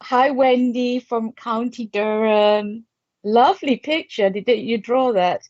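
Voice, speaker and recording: A woman's voice: fairly high pitch, slow pace, a little mellow, no room sound, dull audio. A woman in her fifties from Malaysia, a psychic artist chatting casually on a livestream and greeting viewers by name with frequent laughs. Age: 50s.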